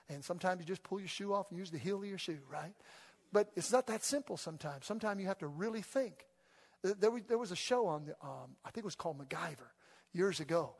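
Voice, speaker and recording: A high-pitched man preaching in a big church hall, his voice trailing off into long reverb. He swings from soft, conversational asides to loud, fervent exhortation, calling the congregation to read along with him. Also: fast talker, gravelly, slightly rough. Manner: animated, rising to loud exhortation, call-and-response with congregation. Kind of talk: energetic sermon. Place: church sanctuary.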